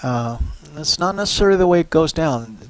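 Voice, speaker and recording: A middle-aged man giving a university psychology lecture in a relaxed, conversational way, often tagging on "right?" and "you know". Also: a little high, brisk, low-quality recording. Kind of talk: recorded lecture.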